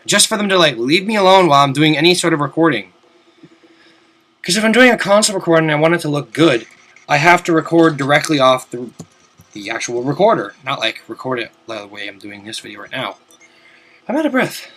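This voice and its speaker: A young man giving casual, rambling commentary over a video game from his desk at home, swearing now and then and breaking into loud outbursts. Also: fairly high pitch, fast talker. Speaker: let's play commentator.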